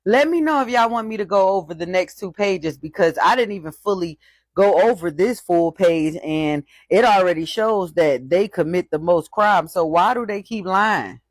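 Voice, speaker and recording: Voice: mid-range voice, animated, moderate pace, dry recording. A speaker giving casual commentary, reading out statistics and mocking each figure.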